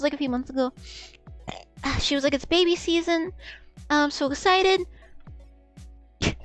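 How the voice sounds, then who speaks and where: A young woman streamer chatting casually, rambling and giggly, often stammering and repeating words and swearing freely. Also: sits high. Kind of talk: casual live-stream chat.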